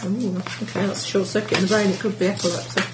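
A woman chats plainly across a gaming table and asks short questions. She has a mid-pitched voice. Loud clatter of plates and cutlery runs under everything she says. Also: level tone, fast talker, background noise. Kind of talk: casual table chat. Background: dishes and cutlery.

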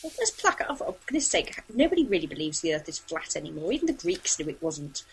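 A woman's voice: sits low, very animated, fast, slightly rough. A woman playing a tabletop game in character, prim and exasperated. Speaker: player.

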